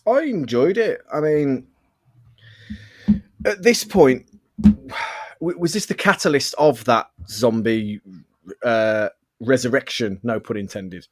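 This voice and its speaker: A man's voice: mid-range voice, takes it slowly, long pauses, dry recording, clean studio sound. A man co-hosting a podcast in casual chat, telling stories with lots of laughs, over a webcam mic. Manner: animated storyteller, laughs a lot. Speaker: podcast co-host.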